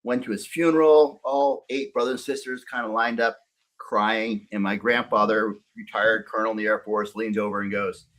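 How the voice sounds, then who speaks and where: A man's voice: fairly low pitch, steady tone, normal speed, a bit bright. A middle-aged man from Northern California, a podcast guest telling his life story in a candid, profane, casual way.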